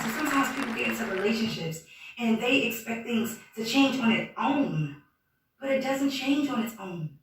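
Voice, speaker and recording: A woman's voice: on the high side, fairly bright tone, recorded from a distance. A woman hosting a comedic morning advice show, sassy and chatty, calling everyone honey. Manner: sassy, calls listeners "honey". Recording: very echoey, off-mic, faint noise.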